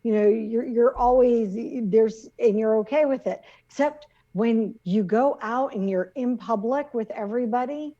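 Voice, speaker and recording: A woman's voice: a little high, a little slow, hardly any pauses, warm tone, lo-fi sound. A middle-aged woman co-hosting a casual chat show, talking chattily with frequent laughs and restarts. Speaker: podcast co-host.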